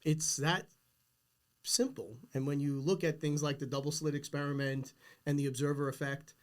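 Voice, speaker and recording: A man's voice: a little high, fairly even intonation, moderate pace. A middle-aged man hosting a casual podcast conversation, talking earnestly and insistently about big ideas. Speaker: podcast host.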